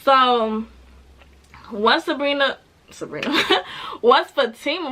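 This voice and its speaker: A woman giving a casual, animated recap of a TV episode, chatting with laughs and acting out the characters' lines, with speech. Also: high voice, slow pace, long pauses, a little hiss or hum. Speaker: TV show reviewer.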